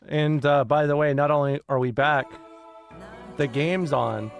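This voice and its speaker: A woman's voice: low-pitched, steady tone, measured pace, vocal fry, faint music behind. A woman streamer in casual livestream chat from a home setup, rambling, swearing and interrupting herself with frequent laughs.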